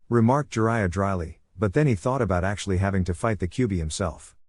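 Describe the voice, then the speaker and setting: Male narrator, fan fiction reading, steady, lowish voice, dry close sound. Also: fairly quick, hardly any pauses, no room sound.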